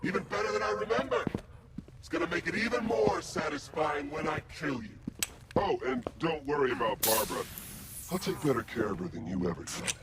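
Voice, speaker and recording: An actor playing a cold, sneering armored male villain in a video game, making slow measured threats. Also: a little high, animated, heavy background noise, natural voice. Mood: menacing.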